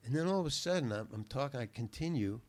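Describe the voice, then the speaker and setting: Older guy telling an old story, mid-pitched voice, rambles and repeats himself, swears casually. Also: lively intonation, quick pace, a little mellow. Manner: rambling, repeats words while thinking; laid-back, salty language. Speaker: guest.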